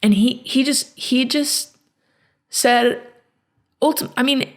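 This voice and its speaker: Woman with a gravelly, halting voice. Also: high-pitched. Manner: halting, reflective, many restarts. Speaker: podcast host. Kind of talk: personal storytelling podcast.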